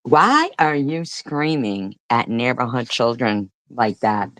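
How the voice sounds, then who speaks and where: A woman's voice: a bass voice, very animated, slow, a bit bright, no room sound. A woman hosting a reaction commentary, voicing exasperated and disgusted remarks about a clip. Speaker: commentary host.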